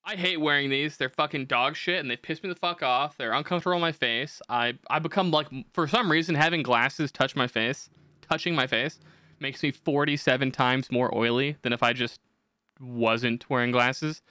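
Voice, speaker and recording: This young male podcast host tells crude, profane comic stories in a brash, rambling rant. His medium-pitched voice is bright, forceful and smooth at a moderate pace, captured in a clean studio with no room sound.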